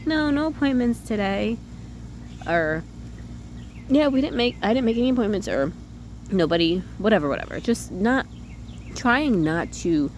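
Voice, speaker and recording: A woman's voice: low voice, a little hiss or hum. A woman talking through her thoughts in a candid, self-questioning personal vlog, often checking in with "you know what I'm saying.". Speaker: vlogger. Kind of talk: reflective personal vlog monologue.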